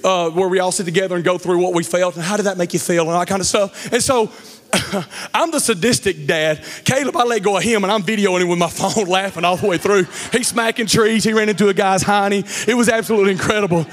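A middle-aged male pastor preaching a sermon, telling a story with lively acted-out quotes and then speaking to the congregation. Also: sits high, fast. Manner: animated storyteller, acts out quotes loudly. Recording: long hall reverb.

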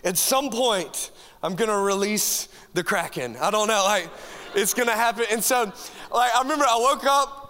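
Youth pastor guy, high sharp voice, jokey and pumped, big echoey church hall. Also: normal speed, a little hiss or hum. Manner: animated, joking, talks straight to the crowd. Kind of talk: energetic sermon to a congregation. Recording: long hall reverb from a church room.

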